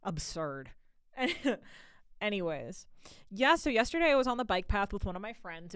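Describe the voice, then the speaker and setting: A woman's voice: mid-range voice, fairly bright tone, clean tone, dry recording, studio quality. A young woman DJ chatting casually on her radio show, rambling through stories with laughs in between. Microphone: studio mic.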